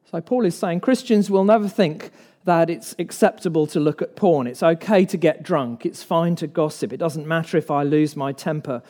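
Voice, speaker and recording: Man, preacher, evening sermon, emphatic, rhetorical questions, fairly high voice. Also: moderate pace, hardly any pauses, dark tone.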